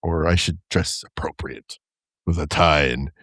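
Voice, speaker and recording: A man's voice: extremely low pitch, a little slow, breathy edge, dry recording, clean studio sound. A young man co-hosting a podcast in casual, joking chat, now and then dropping Spanish words. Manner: animated, joking, slips into Spanish. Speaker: podcast co-host.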